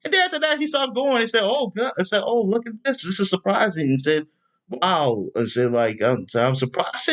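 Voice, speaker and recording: Animated rambling male podcast host. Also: sits high, normal speed. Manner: rambling, animated, with many fillers; bursts into loud exasperation. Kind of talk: casual chat.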